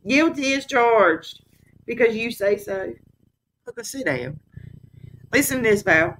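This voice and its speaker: A woman hosts a heated live-stream commentary and fires off scornful rhetorical questions. Her fairly high voice swings widely in pitch, and a faint noise sits under the recording. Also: lively intonation, slow, a bit bright.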